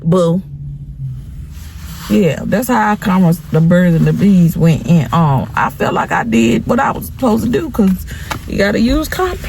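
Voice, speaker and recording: A woman's voice: medium pitch, slight background noise. A woman hosting a vlog, chatting candidly to viewers about parenting her teenage son and repeating phrases for emphasis. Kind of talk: candid casual chat to viewers.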